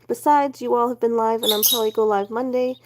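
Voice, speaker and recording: A woman hosting a casual livestream, reading out chat messages and talking to her baby chicks, sometimes cooing at them in a high baby-talk voice. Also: steady tone, fast. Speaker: livestream host. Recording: noticeable background noise. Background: chirping chicks.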